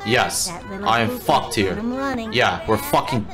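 A man's voice: fairly low pitch, expressive, slow. Swearing, frustrated young gamer man. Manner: frustrated, swearing, repeating himself. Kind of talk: let's play commentary. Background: game music.

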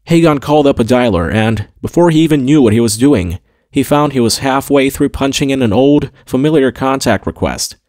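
A man narrating a science-fiction audiobook in a steady, clear storytelling manner. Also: mid-range voice, brisk, few pauses, dry recording, clean studio sound. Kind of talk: scripted narration.

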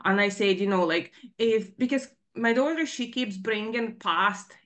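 A woman in her forties speaking on a video call, telling a personal story in an earnest, emotionally raw way, halting and full of "you know, like" fillers. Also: medium pitch, a bit bright. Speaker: participant asking in a live Q&A.

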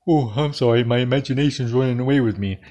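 A man doing Koopa, a low, slow, sleepy toy creature. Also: dark tone, lightly acted. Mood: meek.

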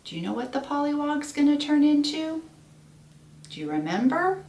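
A woman teacher reading a picture book aloud to children, pausing to ask them gentle questions. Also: high-pitched, very animated, a little hiss or hum. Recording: echoey room, far from mic.

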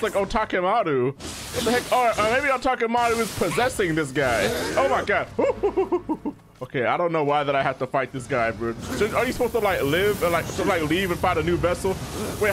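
A man giving excitable, slangy commentary while playing a video game, yelling and calling everyone bro. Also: sits high. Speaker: gaming streamer. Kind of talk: gameplay commentary. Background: game music.

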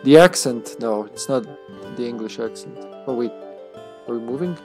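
Male game streamer, average pitch, casual rambling chat with frequent chuckles. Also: animated, moderate pace, a little mellow, faint music behind. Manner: rambling, chuckles often between thoughts. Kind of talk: casual live-stream chat while playing.

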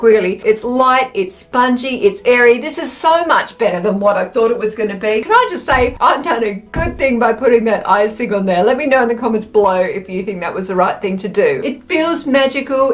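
Bubbly gushing woman, a bit high. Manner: bubbly and gushing, with squealing exclamations. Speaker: food taste-test vlogger. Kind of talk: casual taste-test vlog chat.

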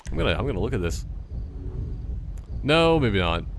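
A man's voice: on the low side, big pitch swings, normal speed, gravelly, a little hiss or hum. A man giving casual let's-play commentary, rambling and joking through tangents. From Canada. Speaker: gameplay commentator.

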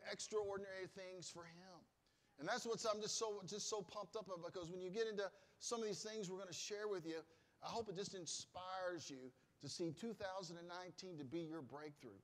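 A man preaching a sermon as pastor, speaking emphatically, building to loud exclamations and leading his congregation in call-and-response. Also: sits high, big-room sound. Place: church sanctuary.

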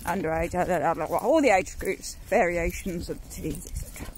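A woman's voice: lowish voice, brisk. A British woman in her thirties, a mother, chatting and rambling to her phone while out walking in the countryside, laughing often. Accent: British English. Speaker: vlogger. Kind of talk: casual chat. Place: outdoors on a rainy country walk. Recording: loud wind and rain noise outdoors.

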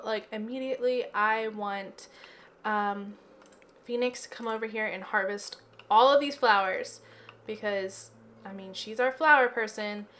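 A woman's voice: mid-range voice, fairly bright tone, a little hiss or hum. A woman chatting casually through gameplay commentary from her home office, giggly and filling her talk with "like" and "um". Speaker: let's play gamer.

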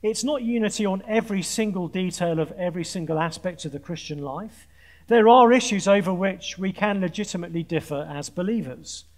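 A man preaching with a high, light voice, earnest and pointed, with a dry sense of humour. He builds points through repeated phrases and stumbles briefly into restarts. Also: fairly quick. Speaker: conference speaker preaching. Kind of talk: sermon to a student audience. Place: large conference hall with an audience.

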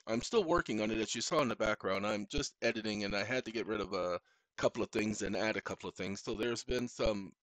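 A man hosting his own channel, lecturing viewers in a combative monologue that swings into loud rants. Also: medium pitch, no room sound, rough recording. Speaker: channel host. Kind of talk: direct-to-camera monologue.

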